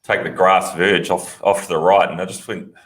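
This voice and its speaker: Low-voiced man steering the show. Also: steady tone, moderate pace. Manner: laid-back, drives the show along. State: training with a broken wrist. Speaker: podcast co-host. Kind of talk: casual chat.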